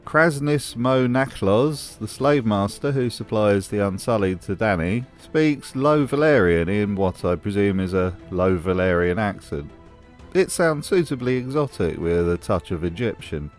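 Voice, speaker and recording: A man narrates his commentary with dry, teasing mockery. His voice sits a little low but swings widely in pitch. Faint music plays behind him. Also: expressive, unhurried. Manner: dry, mocking. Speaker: video essay host. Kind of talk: scripted commentary voice-over.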